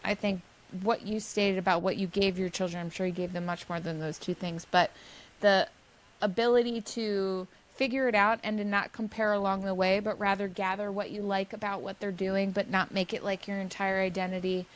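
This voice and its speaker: A woman's voice: mid-range voice, little pitch movement, moderate pace, poor audio. A woman hosting a podcast, asking long, enthusiastic, rambling questions. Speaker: podcast host. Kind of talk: podcast interview.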